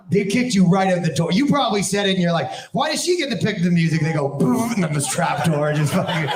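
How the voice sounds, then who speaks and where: A man doing stand-up crowd work, laughing and mocking as he acts out little scenes. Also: sits high. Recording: echoey club clip with loud crowd noise.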